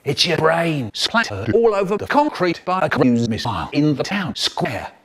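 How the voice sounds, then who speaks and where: Animated older man telling a story. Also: fairly high pitch, moderate pace, husky. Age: 70s. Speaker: children's poet. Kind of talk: spliced comic storytelling.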